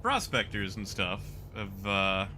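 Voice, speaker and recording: A man's voice: lowish voice, very animated, slow, bright, forceful tone, a little hiss or hum. A man streaming a game, chatting casually and rambling in a self-mocking way.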